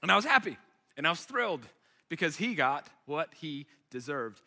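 A man telling a story from the pulpit with a high, very bright voice. He swings between quiet asides and loud, excited outbursts. A long reverb from the hall rings behind him. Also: normal speed. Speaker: preacher. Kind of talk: storytelling sermon.

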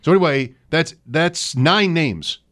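A man's voice: a little high, expressive, a little slow, fairly bright tone. Man talking fantasy football, thinking aloud. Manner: thinks aloud, rattles off names. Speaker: co-host. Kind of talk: casual fantasy football chat.

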